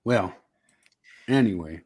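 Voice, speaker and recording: A man's voice: sits low, animated, slow, a little mellow, breathy edge. A man hosting a podcast in casual chat, easygoing and amused.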